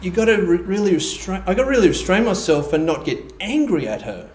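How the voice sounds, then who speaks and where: A man's voice: high voice, fairly quick. Aussie pastor guy preaching, chatty, acts out little quotes, echoey church room. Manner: conversational preaching with animated mock-quoted asides. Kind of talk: sermon. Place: church hall.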